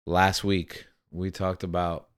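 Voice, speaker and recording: A man's voice: low voice, little pitch movement, slow, smooth. A man hosting a casual podcast, steering a chatty group back on topic with some exasperation. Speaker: podcast host.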